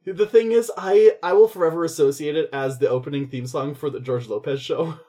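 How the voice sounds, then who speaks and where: Husky, chatty man on a podcast. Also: a little high, brisk, darkish tone. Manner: chatty, laughing, acts out quoted lines. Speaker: podcast co-host. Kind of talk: casual podcast chat.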